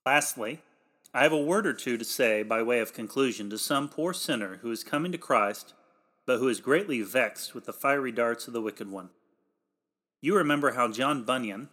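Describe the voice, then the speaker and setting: A man delivering a read sermon in old-fashioned, formal pulpit language, emphatic and growing louder on the exhortations. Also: mid-range voice. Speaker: preacher.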